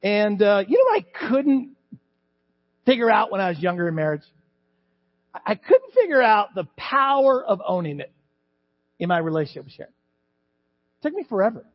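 A middle-aged man preaches from the pulpit in a high voice that leaps up and down with animation. He acts out the voices in the scripture story as he goes. The recording is dull and muffled, with long reverb from the church sanctuary. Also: big pitch swings, moderate pace, long pauses. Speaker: pastor. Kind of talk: sermon.

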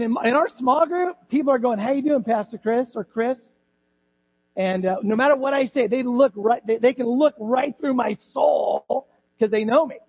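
A man's voice: extremely high pitch, husky. A man preaching a conversational sermon as pastor in a church, repeating words and adding asides to the congregation. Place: church sanctuary. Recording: dull lo-fi with mains hum.

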